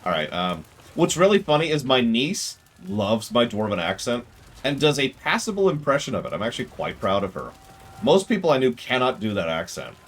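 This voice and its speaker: A man giving casual gameplay commentary on a stream, his voice rising and falling in a lively, animated way. He jokes a lot and sarcastically talks back to the game's characters. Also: medium pitch, a little hiss or hum.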